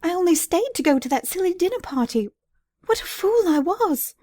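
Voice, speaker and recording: A woman voicing a panicky, high-voiced young mother. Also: sing-song, normal speed, dark tone, dry recording, studio quality. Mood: frightened. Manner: breathless, pleading, high and fluttering. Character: frightened young society mother, pretty and flighty. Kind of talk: audiobook character voice.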